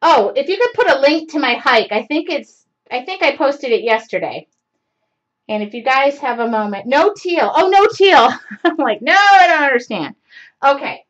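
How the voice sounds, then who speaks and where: In a high, expressive voice at a moderate pace, a woman in her forties hosts a live craft show, chatting casually and wandering off-topic with lots of fillers. It's live-stream talk through a computer mic, and the audio is dull and lo-fi.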